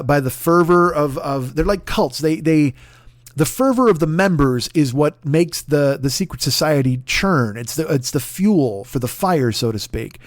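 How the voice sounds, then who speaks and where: A man in his forties chats on his podcast in a loose, rambling way, swearing freely and bragging in jest. His voice sits a little higher than most men's. The sound is dry and close, with no room around it. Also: no echo. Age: 40s. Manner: profane, rambling, mock-boastful. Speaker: podcast host. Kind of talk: casual comedic podcast plug.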